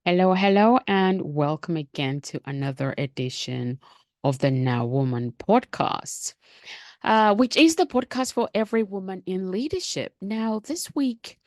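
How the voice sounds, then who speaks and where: Middle-aged woman, podcast host, low and gravelly, motivational and repetitive delivery. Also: no room sound, studio quality. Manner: emphatic, repetitive, rallying.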